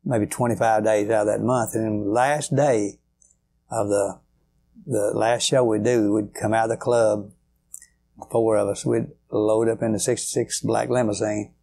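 There is slight background noise as this older guitarist, an interview guest, relates folksy, rambling stories crowded with fillers. He speaks at normal speed in a fairly low, flat, creaky voice that sounds mellow.

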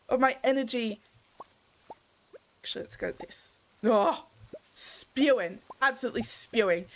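A woman's voice: on the high side, expressive, moderate pace, a bit bright, a little hiss or hum. A young woman commenting casually while streaming a game, grumbling to herself in theatrical exasperation.

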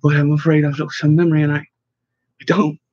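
A woman's voice: low voice, little pitch movement, normal speed, darkish tone, husky, no room sound. A man reading as a fragile young woman with lost memory. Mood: shaken. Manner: hesitant, faltering. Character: young woman who lost her memory, tearful and vulnerable. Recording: slightly dull, dry recording.

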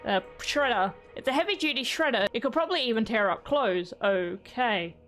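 A woman's voice: fairly high pitch, expressive, normal speed, a bit bright, soft background music. A young woman doing chatty, giggly let's-play commentary, reading game text aloud. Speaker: game streamer.

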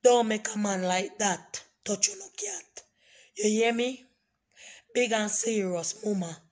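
A hoarse woman, scolding and repeating herself emphatically in a ranting vlog. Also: medium pitch, expressive, slow pace, darkish tone. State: hoarse, voice nearly gone. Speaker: online commentator.

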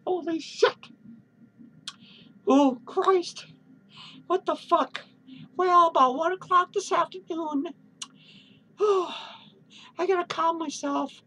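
A woman's voice: extremely high pitch, takes it slowly, pauses often, pushed and bright, heavily acted, rough recording. A woman playing a crude, foul-mouthed older man who rambles and cackles through a comic webcam rant. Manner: swears constantly, rambling, cackling laughs. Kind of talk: comedic character vlog rant.

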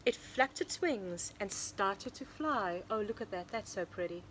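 Slow sing-songy lady teacher reading a picture book to small kids, soft whispery asides. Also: mid-range voice, lively intonation, a little hiss or hum. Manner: sing-song storybook voice with hushed asides to young listeners. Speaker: preschool teacher. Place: home or classroom, recording online lesson.

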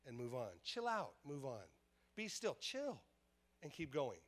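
Male pastor, sermon delivery; slightly high voice, emphatic, repetitive, call-and-response with the room. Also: big pitch swings, takes it slowly, long pauses. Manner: emphatic, repetitive, calls out to the congregation. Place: church service.

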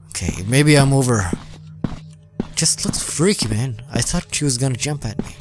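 A man's voice: medium pitch, moderate pace. A young man playing a horror game on his channel, jumpy and swearing, yelping and laughing at the scares. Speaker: gaming channel host. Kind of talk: let's play commentary. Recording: game music behind.

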